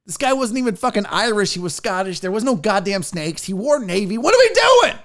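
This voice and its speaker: A man hosts a comedic talk show with a loud, mocking edge, cursing freely as he rants. His pitch jumps all over the place, swooping up for sarcastic impressions and dropping low for deadpan asides. He talks at a loose, animated clip. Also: fairly quick. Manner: loud, mocking, profane, swings into exaggerated voices. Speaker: podcast host.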